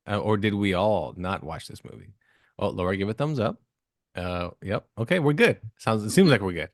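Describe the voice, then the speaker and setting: A man's voice: fairly low pitch, a bit bright, dry recording, clean studio sound. A man hosting a podcast in casual chat, joking and rambling loosely. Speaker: podcast host.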